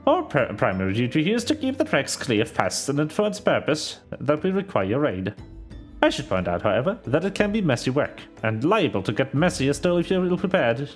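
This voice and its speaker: A man voicing a stern veteran sellsword captain, reading game dialogue aloud in a lowered, measured tone. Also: big pitch swings, faint music behind. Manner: low, grave, measured.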